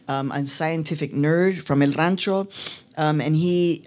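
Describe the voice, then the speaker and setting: A woman in her fifties, from Mexico City and raised in Chicago, giving a keynote speech at an arts venue in a lively storytelling way, with frequent fillers. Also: low-pitched, measured pace. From born in Mexico City, grew up in Chicago. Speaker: keynote speaker. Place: arts venue event with a live audience.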